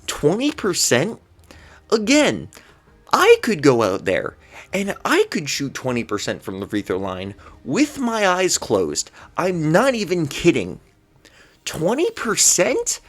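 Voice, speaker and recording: A man's voice: fairly high pitch, huge pitch swings, measured pace, a bit bright. Exasperated man ranting about basketball. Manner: exasperated, incredulous ranting with rhetorical questions; stammers when flustered. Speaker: basketball commentary vlogger. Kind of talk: solo sports rant.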